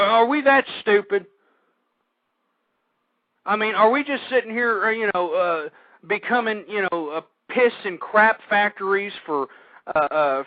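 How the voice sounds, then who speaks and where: A male talk radio host ranting through a monologue, swinging between shouting and weary sighs. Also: high voice, dry recording. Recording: dry tinny phone-line audio.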